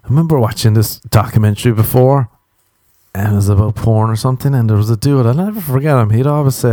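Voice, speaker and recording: A man's voice: medium pitch, fast, mellow, no room sound, clean studio sound. A man doing a casual comedic rant, sarcastic and full of swearing, mocking people in put-on voices. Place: home during quarantine.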